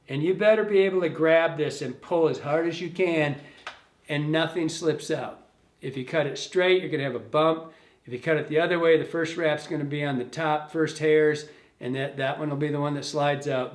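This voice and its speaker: A man demonstrating fly tying step by step in a loose, casual way, thinking aloud and correcting himself as he goes. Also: on the high side. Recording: echoey room.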